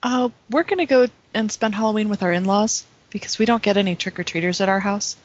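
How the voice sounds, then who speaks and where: A woman's voice: mid-range voice, fast talker, muffled recording. A woman guest on a gaming podcast, upbeat and giggly in casual chat.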